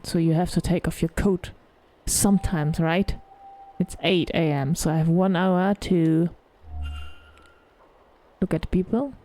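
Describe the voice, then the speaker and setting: A woman's voice: lowish voice, mellow, a little hiss or hum. A woman reading a mystery game's text aloud in a casual way, often stumbling over words and starting them again. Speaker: game streamer.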